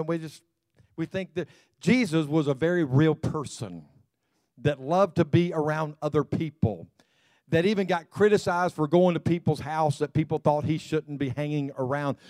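A male pastor delivering a sermon in a loose, chatty manner, scattering "you know" through his sentences. His voice sits fairly high for a man and sounds dry and close, with no room echo. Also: dark tone. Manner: conversational, full of "you know" and quick laughs.

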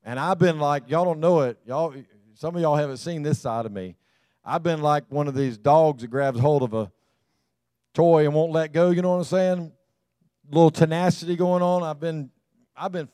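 A man's voice: on the high side, warm tone, smooth, no room sound. A man preaching a sermon as a pastor, folksy and emphatic.

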